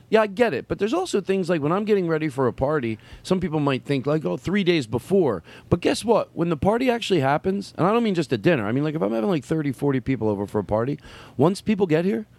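A man hosting a talk show, rambling through his stories with quick asides and bursts of animation. He sounds close to the mic in a very dry, dead space. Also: fairly high pitch, very animated, darkish tone, no echo. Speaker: podcast host. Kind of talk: casual chat. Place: room with a small audience.

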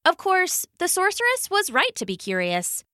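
A woman narrating a fantasy storybook in an expressive, lively way. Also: very high-pitched, normal speed, no echo, clean studio sound.

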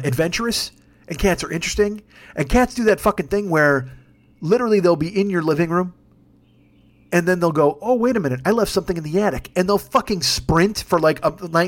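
A man spinning a comic story at a quick clip in a high voice, swearing freely and rambling. He talks in an animated, casual podcast style. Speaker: podcast host. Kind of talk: comedic storytelling.

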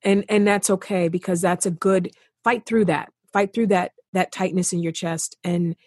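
Passionate, emphatic woman, husky and low. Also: fairly even intonation, normal speed, a little mellow, no echo, studio quality. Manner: passionate, emphatic, repeats for stress. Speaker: podcast guest. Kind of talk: earnest conversation.

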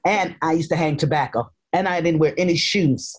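A woman actress from North Carolina raised in Harlem, telling stories in a playful, animated way during a casual interview. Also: low-pitched, a little fast, husky. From North Carolina, raised in Harlem, New York. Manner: animated, playful storyteller who puts on voices. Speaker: actress guest.

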